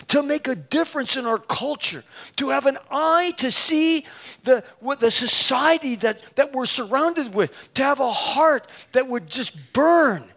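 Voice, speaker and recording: A very high-pitched man preaching a sermon recounts a funny personal story in an animated, self-mocking way, voicing the dialogue. He follows it by urging his listeners on, occasionally shouting.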